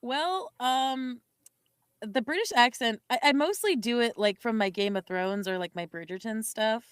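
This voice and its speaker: A young woman chats casually on a podcast, giggling and rambling as she corrects herself. Her voice sits on the high side and comes through smooth and clear. The recording is dry and close. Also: moderate pace, no room sound. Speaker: podcast co-host. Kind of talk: casual chat.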